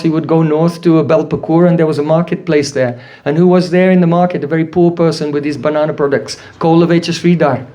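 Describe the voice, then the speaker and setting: A man giving a devotional lecture, telling stories and checking in with rhetorical questions. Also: fairly high pitch. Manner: animated storyteller, asks rhetorical "hmm?". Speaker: spiritual teacher.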